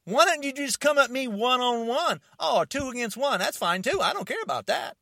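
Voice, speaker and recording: A man delivering an angry, confrontational rant to camera, shouting and challenging his listeners. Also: very high voice, lively intonation, moderate pace, hardly any pauses, no room sound, studio quality.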